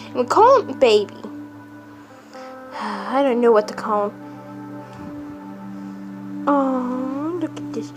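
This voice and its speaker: A woman's voice: high voice, lively intonation, slow pace, long pauses, soft background music, rough recording. A young woman vlogging casually at home with her cat, rambling and giggly, swearing now and then. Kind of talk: casual chat to camera.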